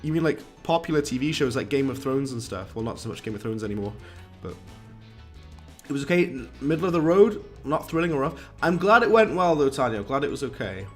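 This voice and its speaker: This man's medium-pitched voice is very animated and fairly quick as he gives rambling, casual commentary on a live game stream. He chats with viewers, reads out what they type and uses British slang, with game music playing.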